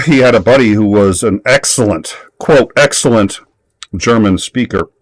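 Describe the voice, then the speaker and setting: A man's voice: fairly low pitch, expressive, normal speed, dry recording. A man telling a story in casual chat, rambling along with many fillers and restarts.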